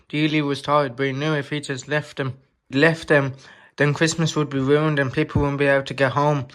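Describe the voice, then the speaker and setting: A man's voice: on the high side, level tone, moderate pace, fairly bright tone. A man casually narrating a homemade story about steam engines. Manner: casual, loosely phrased.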